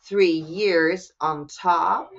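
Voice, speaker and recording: A German woman with a German accent chats as a podcast guest, bubbly, candid and laughing often. Her voice is on the low side, steady and creaky, and she speaks extremely slowly, with lo-fi sound quality.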